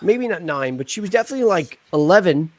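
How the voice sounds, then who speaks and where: A man's voice: high voice, lively intonation, quick pace. A man hosting a casual live stream chat, joking and rambling with plenty of fillers. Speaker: host.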